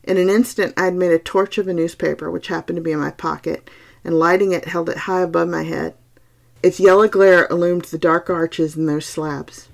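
Low, gravelly woman reading a ghost story. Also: fairly even intonation. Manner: slow, hushed, suspenseful. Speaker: podcast host reading a story.

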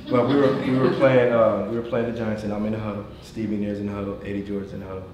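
Heard from a distance in an echoey, noisy corporate meeting room, a man with a fairly low voice talks fast while giving a motivational speech to a business team. He tells stories with animation, laughing along, and speaks to the audience directly and playfully.

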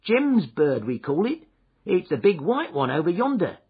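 A man voicing a brisk, practical farm woman who is a little huffy. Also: high-pitched, sing-song, slightly rough, full character voice. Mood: matter-of-fact. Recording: dull lo-fi recording.

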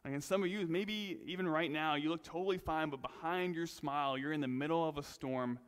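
A male pastor preaching a sermon in a relaxed, conversational way, with self-deprecating asides. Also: a little high, a little fast, clean tone, big-room sound. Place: church sanctuary.

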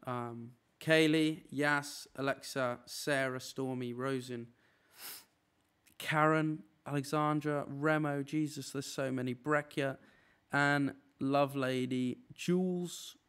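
A young man in an apartment room does a casual live stream, his medium-pitched voice smooth and fairly bright with fairly even intonation. He reels off a long string of names in rapid succession.

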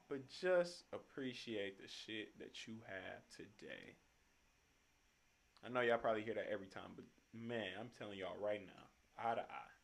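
A man's voice: medium pitch, fairly bright tone. A tired young man just off work, hosting a music reaction video in slangy, profanity-laced casual talk. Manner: slangy, swears freely, hypes the music up. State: tired after work, yawning.

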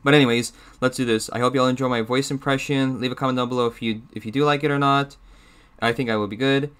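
A man's voice: mid-range voice, fairly even intonation, quick pace, a bit bright, clean tone. Rambling young-sounding man chatting casually. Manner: rambling, hesitant, filler-heavy. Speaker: YouTuber. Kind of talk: casual chat.

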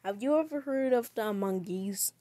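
A woman streamer giving chatty commentary on a game as she plays, breaking into sudden loud, excited outbursts. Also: mid-range voice, normal speed, no room sound. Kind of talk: gaming livestream commentary.

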